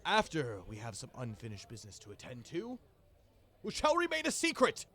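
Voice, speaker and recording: A man's voice: a little high, wildly swooping pitch, fairly quick, fairly bright tone, pitched above the performer's own voice, full character voice. A man voicing a jolly, boastful male pirate captain who makes grand toasting speeches. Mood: rousing.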